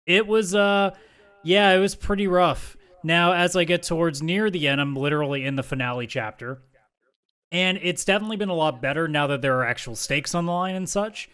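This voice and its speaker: A man's voice: fairly high pitch, a little fast, a bit bright, clean tone. A man co-hosting a podcast in casual chat, candid and casually swearing. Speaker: podcast co-host.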